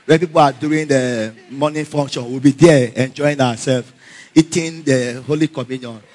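A man's voice: mid-range voice, normal speed. A man preaching a sermon, telling stories with frequent laughter and calling out to the congregation for responses. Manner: animated storyteller who laughs often.

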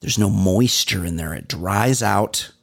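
A man's voice: unhurried, gravelly, breathy edge. A middle-aged man co-hosting a comedy podcast in casual chat, acting out little exchanges with big swings in his voice. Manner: animated, acts out exchanges with big pitch jumps. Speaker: podcast co-host.

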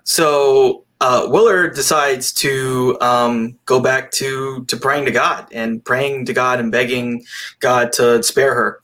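A man in easy conversation about a film he has just seen. He rambles and talks with animation, throwing in a casual curse here and there. His voice sits at an ordinary middle pitch. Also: steady tone, slow, pushed and bright. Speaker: podcast co-host. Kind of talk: casual movie review chat.

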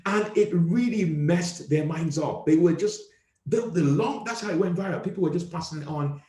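A man born in Liverpool and raised in Nigeria, hosting a casual chat and telling a story in a relaxed way. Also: on the high side, normal speed. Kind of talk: casual conversation. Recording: roomy echo.

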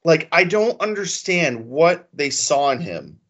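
Animated, swearing male podcast co-host. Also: on the high side, unhurried, dull audio. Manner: animated storyteller, swears, acts out quotes. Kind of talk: casual podcast chat.

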